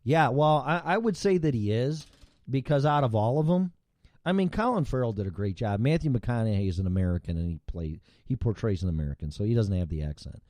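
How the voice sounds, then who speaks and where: A man's voice: medium pitch, lively intonation, a little fast, a little mellow, no room sound. Rambling, foul-mouthed male talk show host. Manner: rambling, profane, with frequent restarts. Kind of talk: casual podcast chat.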